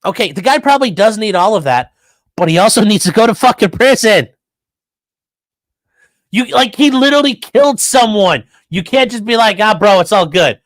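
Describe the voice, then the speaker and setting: A man's voice: sits high, moderate pace, no room sound. A man hosting a podcast, commenting sarcastically and profanely on news clips. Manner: sarcastic, profane, animated mockery. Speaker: podcast host.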